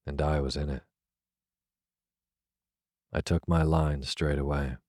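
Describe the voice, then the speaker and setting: A man reading a classic novel aloud as a soft, unhurried bedtime story. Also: rumbling low, no room sound, studio quality. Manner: soft, even, unhurried delivery. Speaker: narrator. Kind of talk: slow, soothing sleep-story reading.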